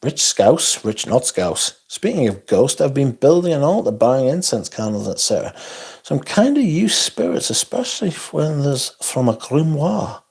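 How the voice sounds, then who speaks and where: A man's voice: medium pitch, big pitch swings, normal speed, gravelly, darkish tone, husky. A man hosting a casual livestream. He reads viewer comments aloud and answers them bluntly, swearing often and adding asides. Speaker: livestream host. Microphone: phone.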